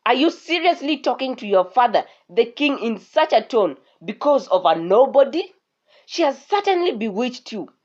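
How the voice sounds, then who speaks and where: A woman's voice: a little high, very animated, moderate pace, a little mellow, pitched above the performer's own voice. A woman voicing a haughty queen who scolds her son in disbelief. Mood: scolding. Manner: reproachful, incredulous. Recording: dull lo-fi recording.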